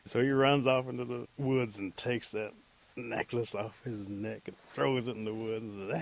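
A man telling a folk tale aloud, animated, acting out the characters' lines. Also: on the low side, moderate pace, creaky. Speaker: storyteller. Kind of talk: oral storytelling.

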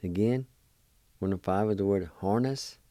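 A man teaching a language lesson on the air, spelling and pronouncing words slowly and deliberately, syllable by syllable, in an encouraging way. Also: lowish voice, warm tone, no room sound.

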